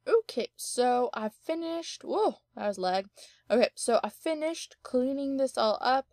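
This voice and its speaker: A woman's voice: sits high, lively intonation, measured pace, a little mellow, no echo, studio quality. A young woman giving casual, giggly gameplay commentary from her home office, thinking aloud with lots of ums. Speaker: let's play gamer.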